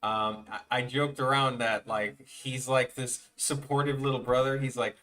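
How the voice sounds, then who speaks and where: A man's voice: medium pitch, little pitch movement, unhurried, hardly any pauses, pushed and bright. A young man animating on a live stream, telling rambling, profane stories in casual chat and mimicking people. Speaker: animator streaming his work. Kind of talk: casual storytelling chat while drawing. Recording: voice a bit far from the mic, faint music behind.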